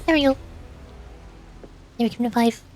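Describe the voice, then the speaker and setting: A woman's voice: fairly high pitch, normal speed, a little mellow, soft background music. A woman streaming a game, chatting playfully and making silly sound effects and meows as she plays. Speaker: vtuber streamer. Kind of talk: gameplay commentary.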